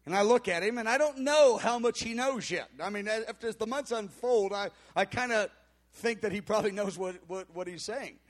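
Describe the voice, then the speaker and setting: A middle-aged man, a pastor telling a story in a sermon, acting out voices with sudden shouts and quiet mutters. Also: high-pitched, a little fast.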